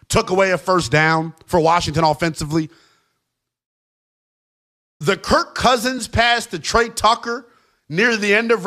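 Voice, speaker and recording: Radio sports guy ranting, bright voice jumping all over. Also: high voice. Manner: animated, emphatic ranting. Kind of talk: opinionated sports talk.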